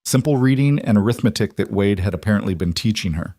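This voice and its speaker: Low-voiced male story narrator. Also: lively intonation, fast talker, warm tone, no echo, studio quality.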